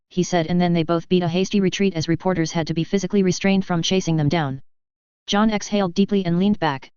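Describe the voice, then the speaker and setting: A woman narrating a story in a steady, matter-of-fact way. Her voice is a little low. The recording is dry, with no room sound. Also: fast talker, clean tone, no room sound, highs cut off. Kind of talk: story reading.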